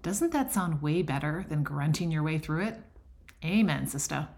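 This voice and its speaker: A woman's voice: sits low, expressive, moderate pace, a little mellow, slight background noise. A middle-aged woman hosting a faith-based podcast, talking in an encouraging, conversational way. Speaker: podcast host. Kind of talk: scripted podcast intro and casual teaching.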